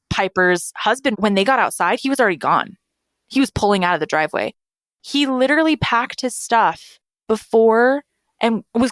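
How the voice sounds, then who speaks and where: Young woman, low pitch, blunt, frank storytelling, dry close sound. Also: dry recording. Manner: blunt, frank, swears freely. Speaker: guest telling her own story. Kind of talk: candid first-person storytelling.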